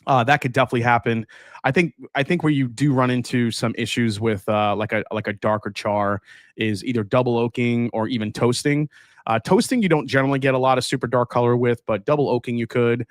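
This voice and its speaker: The speaker is a relaxed, chatty male livestream host tasting whiskey and going through viewer comments live, often using fillers and restarting. His medium-pitched voice moves briskly, recorded on a dry close mic with no room sound.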